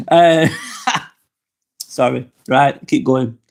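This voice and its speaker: A man's voice: mid-range voice, drawn-out words, gravelly, darkish tone. A middle-aged man hosting a casual live vlog, talking frankly and swearing freely as he reads viewer comments. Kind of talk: casual live-stream chat reading comments. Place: apartment indoors.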